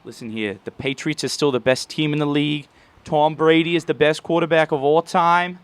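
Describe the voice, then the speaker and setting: A man voicing a loud male sports fan with a Boston accent, ranting insistently. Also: on the high side, fairly even intonation, normal speed, clean tone, lightly acted.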